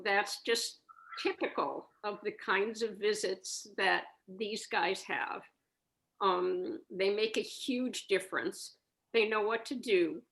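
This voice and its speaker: A woman's voice: medium pitch, creaky, a bit bright, low-quality recording. A woman volunteer speaking earnestly on a video call about her visits with therapy dogs. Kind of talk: casual storytelling on a video call.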